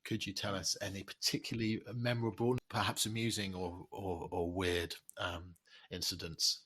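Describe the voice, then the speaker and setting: A man's voice: low-pitched, little pitch movement, moderate pace, a bit bright, breathy edge. A man hosting a podcast interview, prompting his guest with encouraging questions and laughing along. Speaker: podcast host. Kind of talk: conversational interview.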